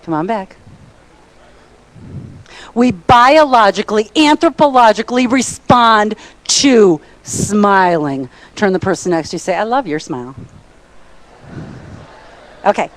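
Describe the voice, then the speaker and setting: A middle-aged woman giving an energetic, playful motivational seminar talk, bossing a conference audience into call-and-response. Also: mid-range voice, a little slow, long pauses. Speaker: motivational speaker. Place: conference hall.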